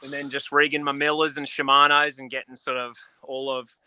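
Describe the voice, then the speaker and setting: A man's voice: mid-range voice, little pitch movement, brisk, sharp tone, smooth, no echo. An Australian man, a professional angler, chatting casually and with easy laughs on a call. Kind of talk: casual video call chat.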